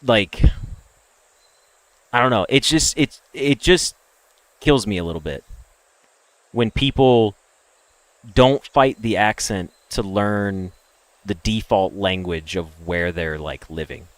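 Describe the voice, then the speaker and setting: A young American man chatting with viewers on a game stream, ranting and opinionated, jumping from loud emphatic bursts to low mutters. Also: takes it slowly, pauses often, dry recording. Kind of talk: casual chat with stream viewers.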